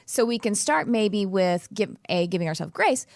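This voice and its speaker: A woman's voice: mid-range voice, animated, moderate pace, creaky, dry recording, clean studio sound. A woman hosting a podcast, talking in an earnest, casual way, often restarting her sentences and laughing easily. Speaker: podcast host. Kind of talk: casual conversational interview.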